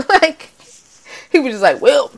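Give me a woman in casual chat, lively and profane, who laughs a lot. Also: medium pitch, fairly quick. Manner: animated, profane, laughs often, acts out quotes.

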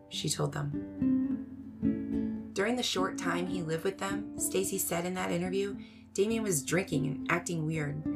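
A woman hosting a podcast, giving measured, scripted true-crime narration. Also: fairly low pitch, creaky.

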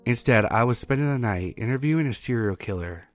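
A man reading a first-person horror story in a steady, measured way as narrator. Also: medium pitch, no echo, soft background music.

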